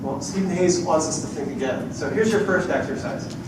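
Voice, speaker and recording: A man with a fairly high voice leads a workshop at a conference, speaking to a live audience. He is animated, slipping into the voices of the people he quotes. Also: brisk, heavy background noise. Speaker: culture change consultant.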